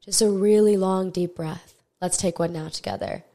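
A woman's voice: mid-range voice, sing-song, brisk, creaky, mellow. A young adult woman hosting a self-help podcast, talking straight to the listener in a frank, swearing, coaching way. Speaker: podcast host. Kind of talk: casual self-help monologue.

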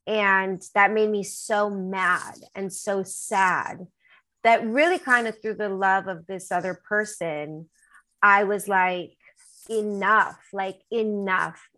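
A woman with a bright, clear-toned voice speaks as a singer-songwriter guest in an interview. She talks candidly and emotionally. She rambles, full of fillers and restarts. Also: mid-range voice, takes it slowly, rough recording.

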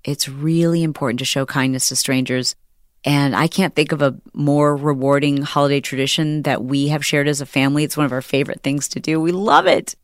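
A middle-aged woman hosting a podcast, telling a story in an animated, chatty way and acting out the people she quotes. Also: deep voice, a little fast, dry recording, clean studio sound. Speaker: podcast host. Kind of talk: casual chat.

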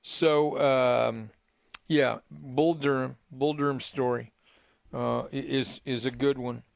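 An older male sports radio host with a gravelly, mid-pitched voice. He talks in loose, rambling stories, restarting phrases and tossing in "right?" as he goes. The sound is close and dry, recorded at a studio microphone. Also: steady tone, slow pace, dry recording. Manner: rambling anecdotes with many restarts and "right?" tags. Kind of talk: casual radio storytelling.

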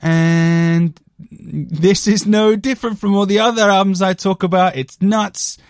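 A man's voice: sits high, steady tone, unhurried, no echo, clean studio sound. A British man hosting a casual music monologue, rambling and self-deprecating with lots of fillers. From Britain. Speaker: podcast host reviewing albums.

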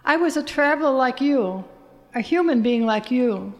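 A woman's voice: high-pitched, animated, normal speed. A woman voicing a woman turned into a small sparrow, begging strangers for help in a pleading voice.

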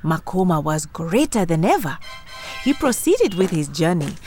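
A woman narrating a children's folk tale, expressive and animated. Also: on the low side, normal speed. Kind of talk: storybook narration. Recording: music underneath.

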